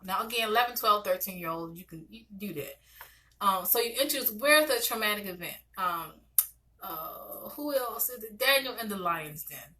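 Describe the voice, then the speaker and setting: A woman therapist talks parents through her methods in a loose, conversational teaching style. Her voice has a bright, forward tone, and she stays animated, often breaking off and restarting her sentences. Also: mid-range voice, a little fast. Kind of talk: casual teaching talk to parents.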